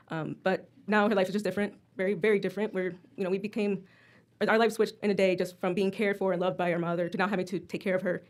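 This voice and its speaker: A woman's voice: fairly low pitch, a little mellow. A woman from Texas, testifying at a hearing, hesitant and emotional, with many ums and restarts. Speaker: witness testifying at a legislative hearing. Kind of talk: public testimony.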